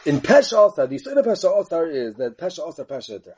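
This Talmud teacher's voice runs somewhat high and husky as he gives a yeshiva-style lecture on the Talmud. His delivery is an animated sing-song chant peppered with rapid asides and rhetorical questions.

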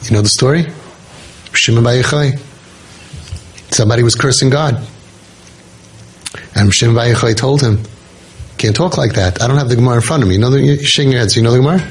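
A man's voice: mid-range voice, fast talker, pauses often, husky. A man telling a personal story in an informal talk to a listening group. He speaks earnestly, restarts his sentences often and mixes in religious Hebrew terms. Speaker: speaker on parenting podcast.

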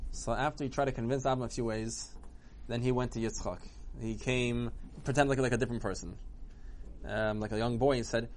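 A man retelling a religious story for children in an animated way, acting out the characters. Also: medium pitch, brisk.

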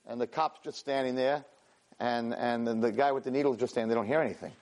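A man teaching a weekly class, telling a story with lively energy, stumbling over and repeating words and acting out the characters' lines. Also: mid-range voice, fast. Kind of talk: animated storytelling lesson.

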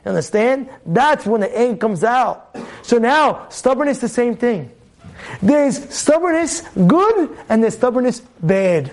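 A rabbi's sermon on the weekly Torah portion comes in a sing-song, slightly slow delivery. Emphatic throughout, he repeats phrases, asks rhetorical questions, and shifts from loud outbursts to low asides.

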